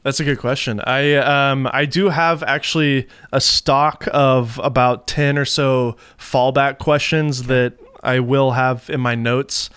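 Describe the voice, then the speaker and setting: A man talking casually as a podcast guest over a video call, relaxed and quick to laugh. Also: mid-range voice, clear, resonant tone, no echo, clean studio sound. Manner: relaxed, laughs easily, thinks aloud. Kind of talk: casual chat.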